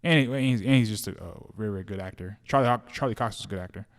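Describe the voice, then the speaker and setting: A man co-hosting a podcast in casual chat about movies and shows, animated and slangy, repeating words and restarting his sentences often. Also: fairly low pitch, very fast. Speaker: podcast co-host.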